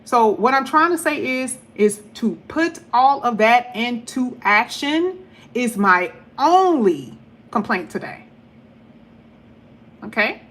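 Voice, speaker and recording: A woman reading tarot cards straight to her viewers, her voice bright and fairly high. She talks in a chatty, blunt, animated way and keeps breaking into quick asides. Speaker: tarot reader. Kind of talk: casual tarot reading to camera.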